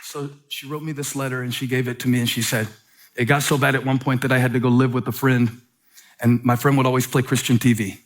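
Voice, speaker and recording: A man preaches to a church from the stage with a middle-pitched voice. He reads a letter aloud, stretching the pauses and building through repetition. His delivery stays steady and earnest as he carries the sermon. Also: a faint crowd. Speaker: pastor. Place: church sanctuary.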